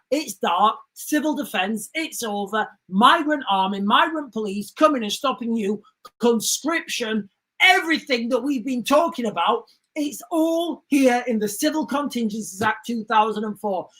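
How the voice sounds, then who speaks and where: A woman's voice: on the high side, lively intonation, measured pace, a bit bright. Urgent woman livestreaming. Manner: urgent, emphatic, keeps addressing viewers as guys. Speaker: livestream host. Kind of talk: livestream commentary.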